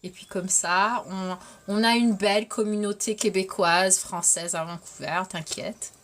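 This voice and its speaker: A woman's voice: mid-range voice, fairly even intonation, normal speed, a bit bright. A woman hosting a casual livestream, bubbly and giggly, slipping between English and French as she answers chat. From Canada. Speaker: livestream host reading chat.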